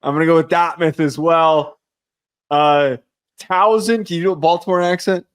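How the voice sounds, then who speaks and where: Excitable young man with a slightly high voice. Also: moderate pace, clean tone. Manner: loud, excitable, joking. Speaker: podcast co-host. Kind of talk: casual sports chat.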